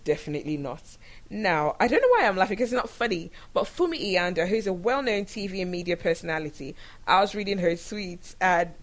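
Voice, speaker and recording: A woman from Nigeria hosting her own show, giving candid, animated commentary on the news and laughing often as she talks. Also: fairly low pitch, fairly quick, rough recording. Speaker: show host. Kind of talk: opinionated commentary monologue.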